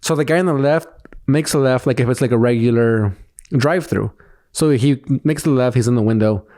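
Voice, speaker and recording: A man co-hosting a podcast, telling a story in casual chat with lively quoted dialogue and plenty of swearing. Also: medium pitch, fairly quick. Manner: animated storytelling, acting out quotes, frequent swearing. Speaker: podcast co-host.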